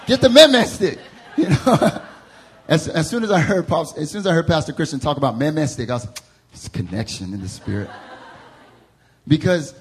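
Husky-voiced young Southern preacher. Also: male voice, on the high side. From American South. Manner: animated, laughing storyteller, acts out voices. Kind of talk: storytelling sermon. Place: church service before a congregation.

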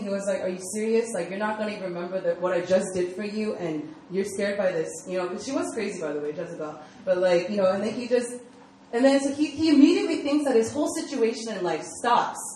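A woman's voice: a little high, distant mic. A young woman delivers a casual sermon, rambling through personal stories with plenty of fillers. Her voice sits back from the mic in a strongly echoing room. A faint hum of ambience runs underneath. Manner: chatty storytelling full of fillers. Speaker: speaker at a church youth group.

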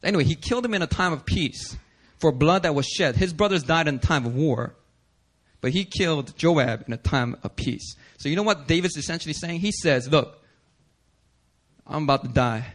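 A male pastor preaching a sermon, animated and casual, slipping into slang and acting out the characters in the passages. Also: a little fast. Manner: animated, acts out scripture voices with big pitch swings.

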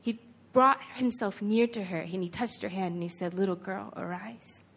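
A woman's voice: medium pitch, moderate pace, fairly bright tone. A woman preaching a sermon in an earnest, conversational way, retelling a scripture story with lots of casual "like"s.

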